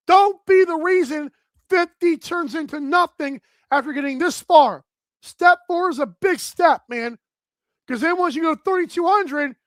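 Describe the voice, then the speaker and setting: A man hosting a live sports betting talk show, energetic and outspoken as he runs through his picks. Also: very high-pitched, no echo. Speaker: host.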